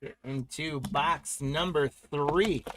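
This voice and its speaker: A man's voice: on the high side, takes it slowly, background noise. A man hosting a live trading card break, announcing pulls and congratulating buyers in an upbeat, chatty way.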